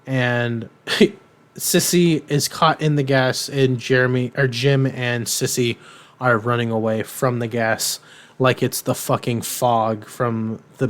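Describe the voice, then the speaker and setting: A man's voice: medium pitch, clean tone. Rambling man recapping a cartoon. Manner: rambling, filler-heavy, irreverent; acts out characters' lines in quotes. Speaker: podcast co-host. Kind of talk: casual episode recap.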